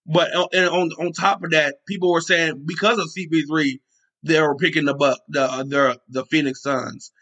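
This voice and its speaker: A man's voice: on the high side, steady tone, normal speed, bright, forceful tone. A man hosting a sports podcast, talking with passion and emphasis, repeating himself and swearing now and then. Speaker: podcast host. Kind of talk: excited sports talk.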